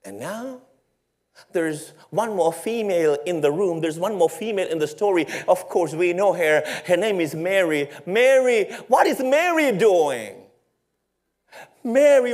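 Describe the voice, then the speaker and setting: A male pastor preaching a sermon in a storytelling way, with rhetorical questions and playful asides to his congregation. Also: high voice.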